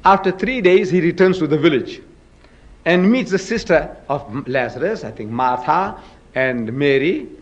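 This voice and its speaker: A man's voice: a little high, expressive, a little slow. Emphatic man debating, dull recording. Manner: emphatic, rhetorical questions to the audience; dramatic, acts out scripture quotes. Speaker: speaker in a religious debate. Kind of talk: public debate lecture.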